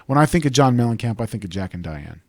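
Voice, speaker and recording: Male radio host, quick casual patter, dry close mic. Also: mid-range voice, very animated, no echo. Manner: rambling, chatty, digresses with asides.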